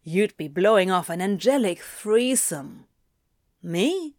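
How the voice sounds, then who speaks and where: A cheeky grown male demon, as a woman reader puts him on, sly and coarse-mouthed, drawling his teasing lines slowly. The voice sits close and dry, with no room around it. It reads like a storybook character, playful and smug. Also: medium pitch, lively intonation, no echo. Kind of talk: audiobook reading of fan fiction.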